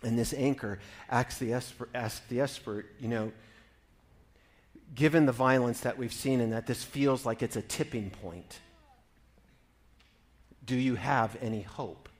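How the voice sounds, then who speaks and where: A middle-aged man preaching a sermon, with quiet, reflective stretches that build into loud, emphatic exhortation. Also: mid-range voice, measured pace, long pauses. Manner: swings between hushed storytelling and rising emphatic preaching. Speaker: pastor.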